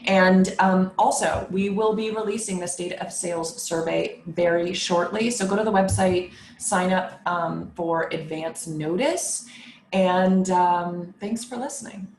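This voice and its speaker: Gravelly-voiced woman in an echoey room. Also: on the low side, measured pace, darkish tone. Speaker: podcast co-host. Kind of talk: casual advice chat. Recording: echoey room with faint background noise.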